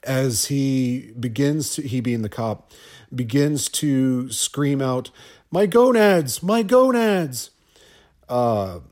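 A man talks through a movie scene on a casual podcast, taking his time and tripping over restarts along the way. His voice sits at an ordinary middle pitch. He drops in dry little jokes as he goes. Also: darkish tone. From Ohio. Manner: rambling, stammers and restarts, wry asides. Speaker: guest podcast host.

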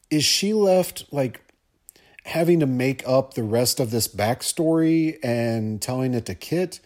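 A man talking casually on a film-commentary podcast at a mid-range pitch. He rambles, trips over his words and repeats them as he works through his thoughts. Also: darkish tone. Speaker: podcast co-host discussing a film.

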